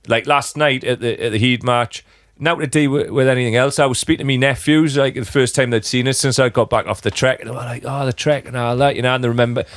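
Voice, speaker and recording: A man with a Geordie accent, chatting as a podcast host, sweary and animated. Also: medium pitch, fast, no echo. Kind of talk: casual chat.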